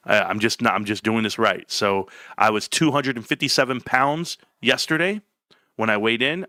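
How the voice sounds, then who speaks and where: A man hosting a casual livestream, talking brashly and joking, dropping to low mutters and then jumping to high outbursts. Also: sharp tone, clean tone, no echo, studio quality. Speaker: livestream host.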